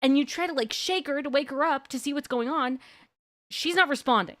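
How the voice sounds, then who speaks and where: A woman streamer casually retelling a long dream story, full of "like" and slow dramatic pauses. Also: high voice, a bit bright.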